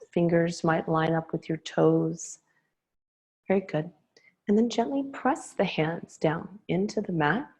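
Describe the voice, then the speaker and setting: Woman yoga teacher, really slow and soothing, kinda low gravelly voice. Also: low-quality recording. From Hawaii. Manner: slow, calm, soothing cues. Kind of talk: guiding a yoga class. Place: yoga studio.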